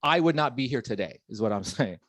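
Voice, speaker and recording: A man's voice: mid-range voice, expressive, fairly quick, a bit bright. A man in his thirties doing a stand-up comedy set, rambling and self-deprecating with lots of fillers. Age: 30s. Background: audience laughing.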